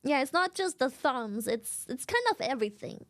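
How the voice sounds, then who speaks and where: A woman streamer in casual live-stream chat, animated and giggly, swearing freely. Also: sits high, normal speed.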